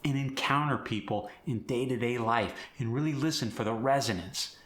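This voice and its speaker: A man's voice: medium pitch, moderate pace, a bit bright, reverberant. A man coaching accents, explaining and demonstrating sounds by contrasting word pairs. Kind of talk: accent tutorial.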